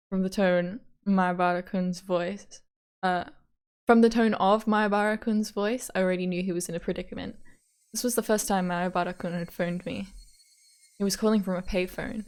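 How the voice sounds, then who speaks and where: A woman's voice: mid-range voice, fairly even intonation, a little fast, darkish tone. A woman streamer reading a visual novel aloud, breaking off into giggly casual asides and playful repetitions of words.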